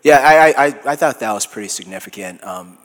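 A man's voice: mid-range voice, lively intonation, brisk. A man with a Minnesota accent, in his thirties, talking in an easygoing, reflective way as a guest before an audience and acting out quotes. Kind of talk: conversational interview before an audience. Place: large hall with congregation. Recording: hall reverb.

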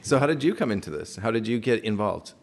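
Deep gravelly male interviewer. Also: sing-song, quick pace. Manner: encouraging, interjects often with wow and right. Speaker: interviewer host. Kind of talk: conversational interview.

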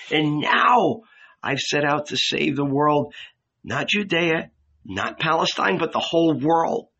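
A man voicing a fiery young male preacher with a high, cracked voice, speaking fervently. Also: pushed and bright, slightly rough, heavily acted. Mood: proclaiming. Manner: fervent, proclaiming. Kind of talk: audiobook reading.

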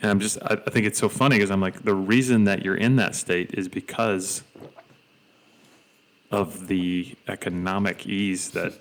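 A young man from Georgia with a very low voice, chatting on a podcast. He tells stories in an animated way, full of fillers and restarts. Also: moderate pace. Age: young adult. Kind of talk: casual conversation.

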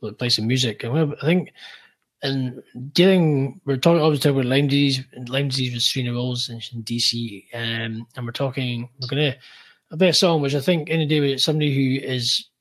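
Halting male podcast host. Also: mid-range voice, fairly even intonation, rough recording. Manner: halting, restarts sentences. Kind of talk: casual podcast hosting.

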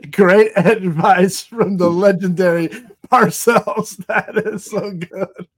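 A man's voice: sits high, fairly bright tone, slightly rough. A man hosting a casual football chat, affable and laughing often, with short reactions. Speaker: podcast host.

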